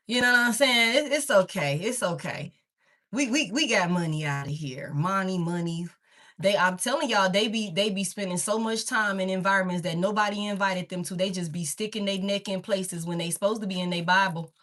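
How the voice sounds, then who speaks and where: A woman gives a casual tarot reading, addressing her viewers directly as "baby" and "y'all," rambling candidly and swearing freely. Her voice is lowish and a bit bright, and she talks fairly quickly.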